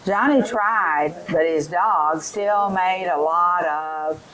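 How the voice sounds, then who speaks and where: Slow-talking woman training teachers. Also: lowish voice, fairly bright tone, poor audio. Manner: directive, repeats instructions, models phonics drills aloud. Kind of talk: instructional training session.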